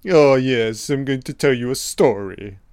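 Man doing a posh older ladies' man, pompous, smug, slow and smooth, crisp close voice. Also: mid-range voice, a little mellow, no room sound, natural voice.

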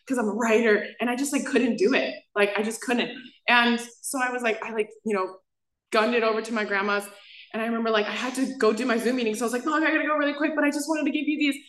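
A woman's voice: medium pitch, a bit bright, echoey room, low-quality recording. A woman in her twenties giving a personal recovery share as main speaker, rambling and packing her talk with "like" fillers. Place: meeting room.

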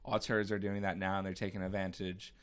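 Low-voiced man hosting a podcast. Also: level tone, brisk, smooth. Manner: rambling, lots of fillers and restarts. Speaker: podcast host. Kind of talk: casual podcast chat.

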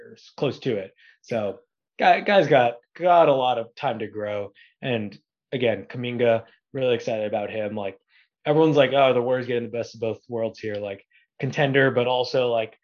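A man who is a podcast guest, talking sports in a relaxed, joking way. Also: medium pitch, highs cut off. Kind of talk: casual sports chat.

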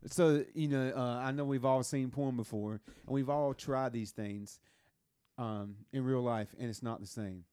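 A man's voice: medium pitch, steady tone, unhurried, a little mellow, smooth, no echo, clean studio sound. A man chatting casually with friends, joking crudely and laughing often. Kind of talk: casual chat.

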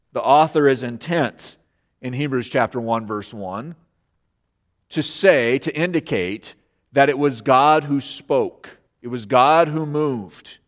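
A man preaching a sermon as pastor, earnest and emphatic, repeating key phrases for weight. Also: mid-range voice. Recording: long hall reverb.

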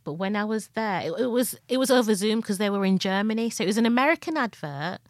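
A woman's voice: mid-range voice, animated, no room sound, clean studio sound. A young woman with a northern English accent, co-hosting a casual podcast chat about acting and laughing often. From northern England. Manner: chatty, laughs often, acts out quick voices in stories. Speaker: podcast co-host, actor.

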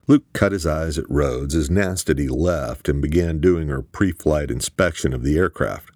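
A man narrating an audiobook in an expressive, crude, scripted style. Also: rumbling low, normal speed, few pauses, dry recording, clean studio sound.

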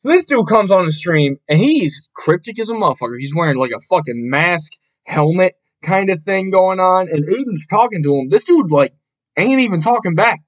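A young man hosting a casual solo podcast, ranting with a lot of profanity and an exasperated tone, and jumping up into shouts. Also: high-pitched, lively intonation, normal speed, poor audio. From Buffalo, New York area. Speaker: podcast host.

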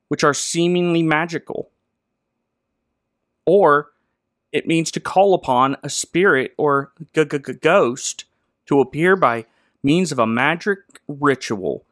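A man's voice: on the high side, a bit bright, no echo, clean studio sound. A young man hosting a casual, joking podcast chat. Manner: jokey and playful. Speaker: podcast host.

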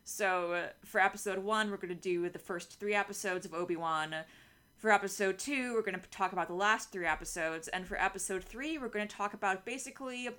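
A woman in her thirties chats as co-host of a podcast. Her voice is bright and forward, and she giggles easily and fills her sentences with "like". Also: mid-range voice, fairly quick. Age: 30s. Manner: giggly, chatty, lots of "like". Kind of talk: casual chat.

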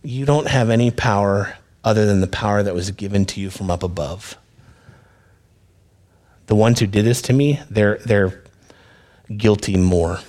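Man doing a calm teacher, quiet, low-key, soft-spoken. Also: moderate pace, pauses often.

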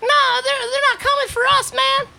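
A man doing a high, squeaky voice, drawling, unbothered young buddy. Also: level tone, normal speed, vocal fry, bright, forceful tone, exaggerated voice. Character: laid-back young male buddy, careless.

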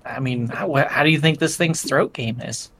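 A player in a tabletop game, talking in an animated, stammering, jokey way. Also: medium pitch, moderate pace, breathy edge. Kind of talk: playing a character in a tabletop game.

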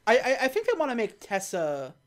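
Woman, casual movie recap chat, very lively pitch, quick deadpan quotes. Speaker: podcast co-host.

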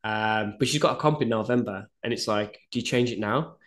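A powerlifting coach talks at a quick clip in a fairly low voice. He tells stories animatedly, with casual swearing, in a relaxed podcast chat.

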